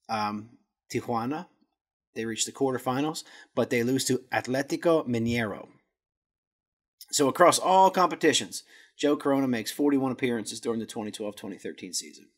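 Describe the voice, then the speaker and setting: Husky man reading casual soccer notes. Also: medium pitch. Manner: jokey asides, stumbles over Spanish words. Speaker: podcast host.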